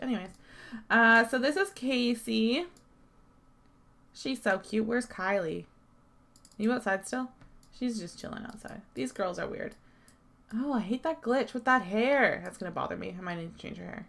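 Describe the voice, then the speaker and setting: A woman with a somewhat high voice walks through a game tutorial in a loose, rambling way. She sounds tired and yawny, and her talk is casual and peppered with swearing and laughter. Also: animated, normal speed, a bit bright. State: tired, yawning. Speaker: game mod tutorial creator. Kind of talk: casual screen-recorded gaming tutorial.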